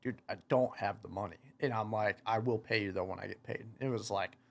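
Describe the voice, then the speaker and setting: A young man in his twenties with a slightly low voice tells a story in an easygoing podcast chat. He rambles, leans on "like" constantly and acts out what he and others said. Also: steady tone, a little fast, vocal fry. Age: 20s. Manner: rambling, many "like" fillers, quoting himself. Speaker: guest, motocross racer.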